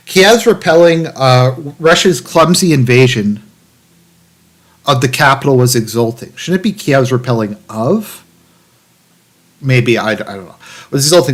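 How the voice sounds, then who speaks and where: Sarcastic streamer guy reading an article out loud, lots of ums and restarts, mid-pitched voice. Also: animated, slow pace, pauses often. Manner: sarcastic, rambling with many fillers and restarts. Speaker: political commentary streamer. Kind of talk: livestream commentary reading an article aloud.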